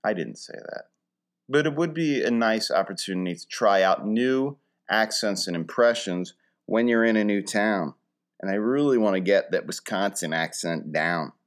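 A man's voice: fairly low pitch, expressive, normal speed. Wry rambling man from Philly. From Philadelphia. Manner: wry, rambling, dry humor with mock-grand wording. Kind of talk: casual comedic monologue.

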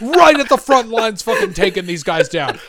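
A man putting on a barking male drill sergeant who shouts orders at a recruit, in a much higher, louder voice than his own. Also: very animated, normal speed, a loud crowd.

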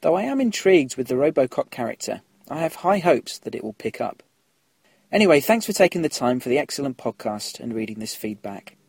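A man's voice: medium pitch, very animated, fairly quick, vocal fry, darkish tone, slightly rough, dry recording. A man hosting a casual podcast, chatting through listener emails and laughing at his own slips.

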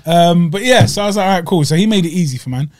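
Young dude on a podcast, slangy and animated, dry close sound. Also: male voice, sits high, quick pace, dry recording. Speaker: podcast co-host. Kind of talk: casual storytelling chat.

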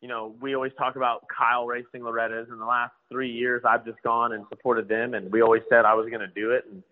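A man's voice: medium pitch, phone-quality sound. A man, a motocross rider and trainer telling a story in a casual, slangy way. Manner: laid-back, slangy, acts out quoted dialogue.

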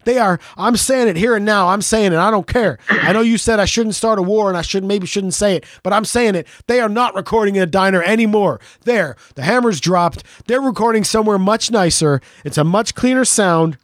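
A man's voice: high voice, brisk, hardly any pauses, no echo, clean studio sound. A middle-aged man co-hosting a podcast in casual chat, rambling and jokey and swearing freely. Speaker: podcast co-host.

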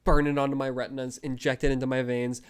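A young man hosting a fan podcast, gushing with breathless, excited commentary and frequent outbursts. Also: mid-range voice, fast talker, smooth. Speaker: podcast host.

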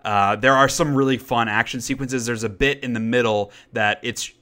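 A man's voice: mid-range voice, fairly even intonation, moderate pace, bright, forceful tone. A man co-hosting a podcast, chatting casually about movies he watched, rambling with fillers and restarts. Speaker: podcast co-host. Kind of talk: casual chat reviewing movies.

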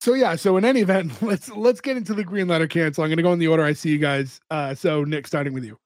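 A man hosts a podcast and keeps the casual talk moving. His voice sits fairly high, and he talks quickly. The sound is dry and close. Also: no echo. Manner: steers the talk, moves things along. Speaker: podcast host. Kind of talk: casual chat.

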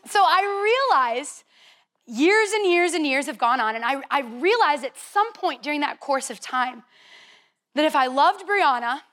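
A young woman youth leader telling a lively, chatty story to a youth group, playful and teasing. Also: high-pitched, a little slow.

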